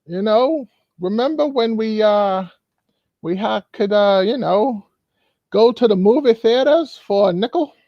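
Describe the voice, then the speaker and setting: Man putting on a high wistful old-timer. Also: expressive, measured pace, dry recording. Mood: nostalgic. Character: reminiscing elderly person, nostalgic and chatty. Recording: dull, lo-fi.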